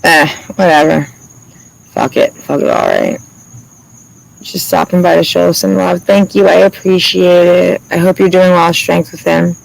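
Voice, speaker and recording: A man talks loosely to his online viewers, his voice a touch high and rough with fry. He swears freely, rambles and breaks into laughter often. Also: very animated, measured pace, poor audio. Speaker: livestreamer. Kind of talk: casual livestream chat.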